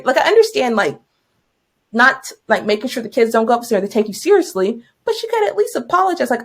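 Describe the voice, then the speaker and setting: A woman in her twenties, a new teacher co-hosting a podcast, telling stories in a casual, animated way and laughing often. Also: fast talker, breathy edge. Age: 20s. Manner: animated, laughs often, jumps high for quoted lines.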